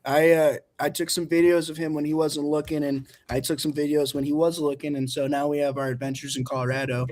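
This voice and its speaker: A man's voice: a little high, level tone, brisk, few pauses, a little mellow. A man co-hosting a casual podcast and running the soundboard, loose and joking, swearing casually. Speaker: podcast co-host, runs the soundboard.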